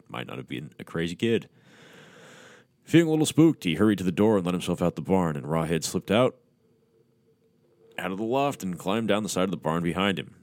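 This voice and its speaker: A man's voice: deep voice, dry recording. A man hosting a podcast, reading a horror story aloud with crude, mocking asides. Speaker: podcast host.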